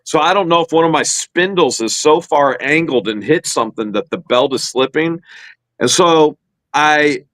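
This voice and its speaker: Animated man telling a long story. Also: a little high, moderate pace, dry recording, poor audio. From Ohio, USA. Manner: animated storytelling, acts out his own quotes. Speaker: co-host. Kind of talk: casual chat.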